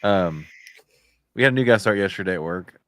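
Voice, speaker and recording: A man's voice: low-pitched, lively intonation, fairly quick. A man co-hosting a podcast, telling a rambling factory story in casual chat and swearing freely. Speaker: podcast co-host; factory worker.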